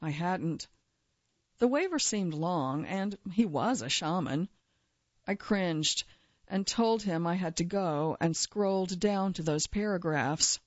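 Lower woman's voice, dry wry storyteller, kinda muffled dry recording. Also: animated, slow pace, dry recording. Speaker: journalist narrator. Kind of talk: first-person narrated feature story.

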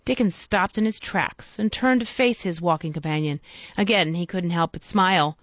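A woman narrating a story aloud in a measured, expressive reading. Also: lowish voice, no echo, highs cut off.

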